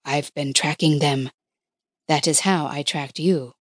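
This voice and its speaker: A soft-spoken, steady man, as a woman narrator puts him on in an audiobook. He gives quiet, firm commands at a slow pace. The sound is close and dry. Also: deep voice, no room sound. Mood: calm, firm. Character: low soft-spoken male tracker, calm, firm.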